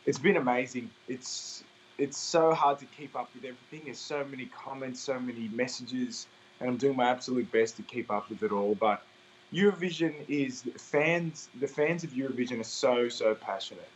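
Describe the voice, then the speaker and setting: A man's voice: medium pitch, moderate pace, slight background noise. A young Australian man, an interview guest, talking in an upbeat, chatty way and laughing easily. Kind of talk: casual interview chat. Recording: slightly dull recording, faint ambience.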